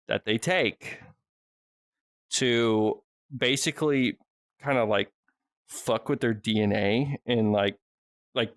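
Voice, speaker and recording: A man spins a rambling story in a casual podcast conversation, peppering nearly every sentence with swearing and restarting his thoughts. His voice sits in a middle pitch, and the recording is dry and close with no room sound. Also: dry recording. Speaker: podcast guest or host.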